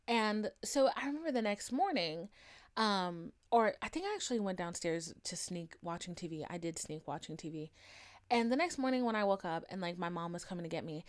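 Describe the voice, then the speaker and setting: A young American woman hosting a podcast, telling a personal story in a casual, chatty way, with a Valley girl sound softened by a Southern twang and lots of "like" fillers. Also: mid-range voice, lively intonation, fairly quick. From United States and Haiti. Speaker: podcast host.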